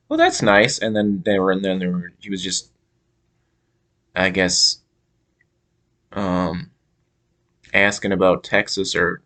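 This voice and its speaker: A young man from Minnesota telling a casual story to camera, halting with many fillers and restarts. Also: deep voice, fairly bright tone. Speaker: vlogger.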